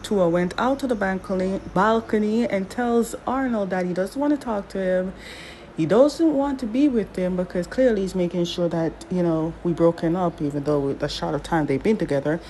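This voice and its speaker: A woman's voice: on the low side, moderate pace, mellow, a little hiss or hum, rough recording. Chatty woman recapping a drama. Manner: chatty, talks back to the characters. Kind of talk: casual recap commentary.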